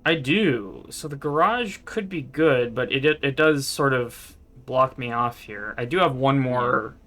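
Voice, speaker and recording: A man's voice: medium pitch, animated, unhurried, sharp tone. A man chatting casually as he live-streams a video game, thinking aloud and laughing often.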